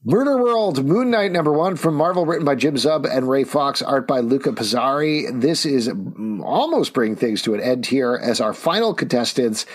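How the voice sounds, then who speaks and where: A man co-hosting a podcast in casual chat, talking in an animated, jokey, rambling way. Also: medium pitch, moderate pace, hardly any pauses. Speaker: podcast co-host reviewing comics.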